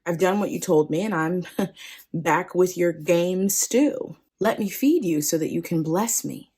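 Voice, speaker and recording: A woman's voice: lowish voice, unhurried, warm tone, breathy edge. A woman voicing a nervous young man lying to his father, sheepish and giggly.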